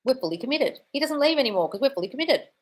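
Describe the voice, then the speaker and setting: A woman's voice: high-pitched, animated, racing. Blunt, swearing woman coach on a live stream. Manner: blunt, swears freely, calls viewers darling. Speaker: manifestation coach. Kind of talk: live-stream Q&A reading chat.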